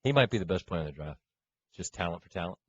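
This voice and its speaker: A man's voice: deep voice, lively intonation, fast, breathy edge, no echo, highs cut off. A middle-aged man co-hosting a sports radio show, joking and teasing in casual banter. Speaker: co-host.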